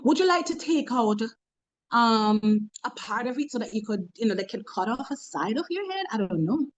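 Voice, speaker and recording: A woman's voice: on the high side, sing-song, moderate pace, rough recording. A woman with a Jamaican accent, a motivational speaker in a webinar talk, humorous and preachy, telling stories from work.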